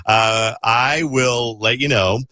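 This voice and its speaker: A man's voice: medium pitch, steady tone, sharp tone, dry recording. A man hosting a morning radio show, chatting and joking in a loose, rambling way. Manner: chatty, joking, drawn-out asides. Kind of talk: casual radio banter. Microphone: studio microphone.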